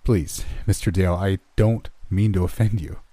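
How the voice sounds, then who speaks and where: In a horror story reading, a man plays a broken old farmer who is haunted by loss and guards a secret. He speaks low and dark, with a husky edge, and his hushed voice quivers with held-back grief. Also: fairly even intonation, moderate pace, no echo. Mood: urgent.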